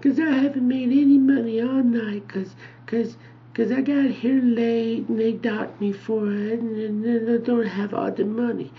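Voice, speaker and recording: Man putting on a high stammering young woman. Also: steady tone, unhurried, a little hiss or hum. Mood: pleading. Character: timid young woman dancer, stammering and pleading. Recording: dull lo-fi video recording.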